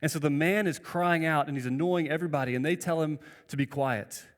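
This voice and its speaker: Pastor, male, slightly high voice, earnest sermon delivery, lots of restarts, reverberant church hall. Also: a little fast. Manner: earnest preaching with frequent restarts and rhetorical "right?".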